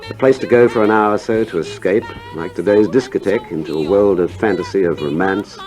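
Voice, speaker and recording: A man with a low voice narrates a radio documentary. His reading is measured and nostalgic. Faint music plays underneath. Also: a little mellow.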